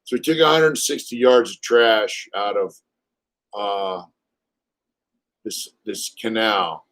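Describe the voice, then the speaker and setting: Speaking slowly in a fairly low, fairly bright, animated voice, this Californian channel host in his fifties runs a casual live stream. His storytelling is blunt and laced with swearing, and he shouts out quotes when acting them out.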